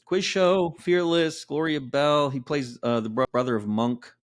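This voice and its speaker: A man's voice: a little high, fairly even intonation, a little slow. A man hosting a casual podcast, brash and profane, rattling off long lists and ribbing his co-hosts. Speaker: podcast host.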